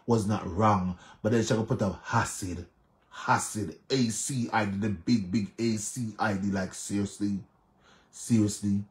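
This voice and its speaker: A man with a Jamaican accent giving emphatic, repetitive casual commentary on social media drama, mixing patois with English. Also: lowish voice. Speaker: online commentator.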